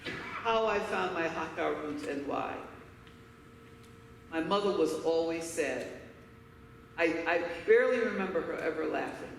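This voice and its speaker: Woman keynote speaker, emphatic candid storyteller, gravelly edge, long hall reverb, faint room noise. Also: on the low side, lively intonation, unhurried, pauses often. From Harlem, New York. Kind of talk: personal storytelling speech. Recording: echoey hall, voice from far off.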